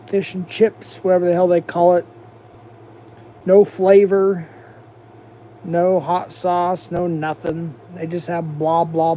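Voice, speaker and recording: Man from the US, livestream host, casual profane rant, rambling, mellow tone. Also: on the high side, a little hiss or hum. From United States.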